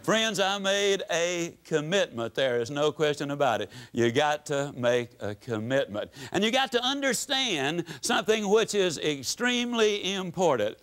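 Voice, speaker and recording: Animated older man giving a motivational talk. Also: fairly high pitch. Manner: folksy, storytelling, emphatic with dramatic pauses. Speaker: motivational speaker. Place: seminar hall before a live audience.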